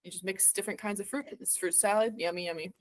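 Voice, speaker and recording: A woman player chatting at a tabletop game, often halting and restarting her sentences. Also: medium pitch, fairly even intonation. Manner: warm, halting. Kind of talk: casual chat at a tabletop game.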